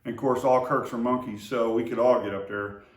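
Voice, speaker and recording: A man's voice: mid-range voice, fairly even intonation, brisk. A man recalling old times in a casual, rambling way, full of fillers and restarts. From Oklahoma to Texas area. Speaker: storyteller remembering his brother. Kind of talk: casual spoken memories. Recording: roomy echo, voice far from the mic.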